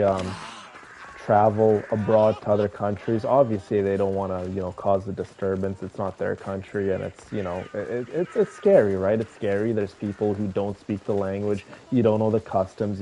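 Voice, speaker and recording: Laid-back low-voiced male streamer. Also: normal speed, slight background noise. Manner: relaxed, chatty, rambling asides. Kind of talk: casual chat with viewers while gaming.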